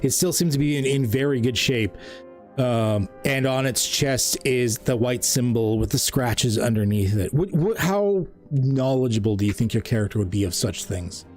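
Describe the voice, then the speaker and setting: A man's voice: medium pitch, animated, normal speed, a little mellow, faint music behind. A man from Canada narrating a tabletop game as game master, in loose, filler-heavy speech.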